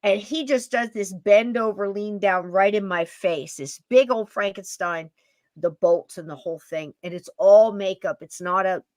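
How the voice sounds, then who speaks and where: A woman hosting a podcast, telling a story in a lively way and laughing as she goes. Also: mid-range voice, moderate pace, dry recording. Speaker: podcast host. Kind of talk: animated storytelling.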